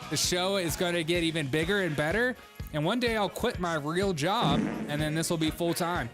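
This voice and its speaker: A man's voice: a little high, normal speed, over music. A man hosting a live stream, chatting casually in a sarcastic, mocking way and laughing often as he reads out his viewers' messages. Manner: reads viewer chat aloud.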